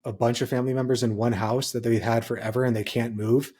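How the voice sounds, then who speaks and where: Young male podcast co-host from Hawaii, husky and dark-toned, reflective and earnest. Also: mid-range voice, flat delivery, fast. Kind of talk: casual podcast chat.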